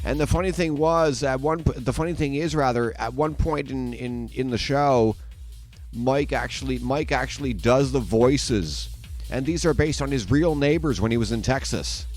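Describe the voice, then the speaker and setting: A man's voice: mid-range voice, moderate pace, faint music behind. Rambling, profane male streamer. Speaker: streamer host. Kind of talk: casual livestream chat.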